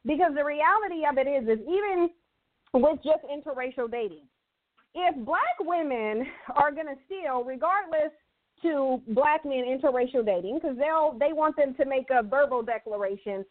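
A woman's voice: sits high, animated, normal speed. A woman co-hosting a talk show, speaking earnestly and measuredly about her own experiences. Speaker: co-host. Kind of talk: personal, opinionated talk show discussion. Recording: tinny phone-line sound.

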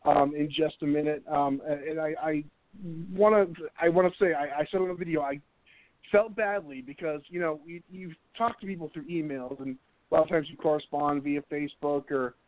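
A man's voice: a little high, normal speed, no room sound. A man hosting a live internet radio show, chatting casually and energetically with frequent restarts. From North Carolina. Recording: tinny phone-like line.

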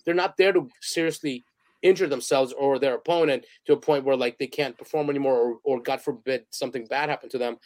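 A man's voice: medium pitch, a little fast, dry recording. A man guest on a podcast interview, telling rambling, emotional stories in a casual way and acting out what people said. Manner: animated, rambling storyteller; emotional, acts out quotes. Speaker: guest photographer and director.

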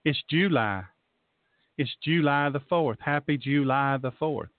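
A man's voice: fairly high pitch, a little slow, no room sound. A man with a Southern accent hosting a faith and politics talk show in a folksy, rambling, fired-up way. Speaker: talk show host and pastor. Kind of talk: casual radio talk. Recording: tinny dry phone-line audio.

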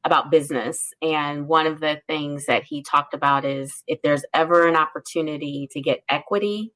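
A woman's voice: low voice, steady tone, normal speed, a bit bright. A woman co-hosting an interview, chatty and engaged, reacting readily and steering the conversation. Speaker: co-host, interviewer. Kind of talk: casual interview chat.

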